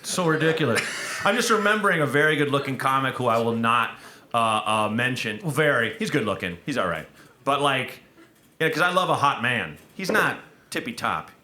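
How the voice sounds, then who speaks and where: A man hosting a live podcast onstage, rambling and stumbling over his words, quick to laugh. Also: medium pitch, animated, pushed and bright, reverberant. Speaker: podcast host. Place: stage at a comedy festival.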